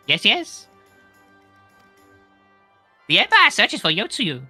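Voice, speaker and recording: A woman's voice: medium pitch, wildly swooping pitch, takes it slowly, bright, forceful tone, no echo, faint music behind, heavily acted. A woman voicing a shifty, cowardly male informant who keeps fawning with "yes, yes" while reading game dialogue with friends. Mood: wheedling. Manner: wheedling, repeats "yes, yes".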